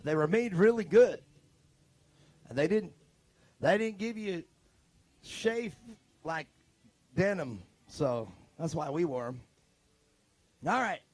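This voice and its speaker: A man's voice: a little high, lively intonation, slow pace, pauses often, darkish tone, no echo. A man from California announcing a live off-road race, joking and rambling in loose banter. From Modesto, California.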